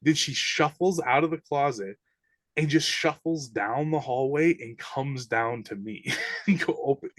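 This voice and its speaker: A man's voice: mid-range voice, no room sound. A man, a podcast guest, animatedly recounting eerie experiences in casual, slangy speech. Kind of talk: casual storytelling.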